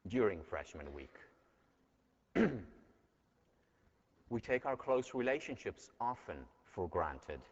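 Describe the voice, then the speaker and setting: A man giving a university lecture and telling stories in an earnest way, heard in a dull recording from a large lecture hall. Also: deep voice. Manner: earnest, storytelling.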